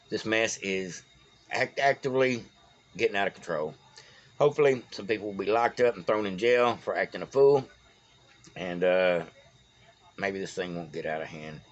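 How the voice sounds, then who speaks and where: Man, Texan accent, low-pitched, rambling folksy commentary, dull phone recording. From Texas. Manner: rambling, folksy, stumbles over names. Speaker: political vlogger. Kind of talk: casual solo commentary.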